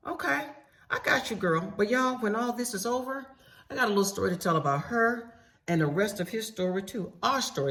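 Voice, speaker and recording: In a casual storytime monologue, a middle-aged woman with a mid-range voice recounts a personal story. She talks directly to listeners, candid and emphatic, and isn't shy about salty slang.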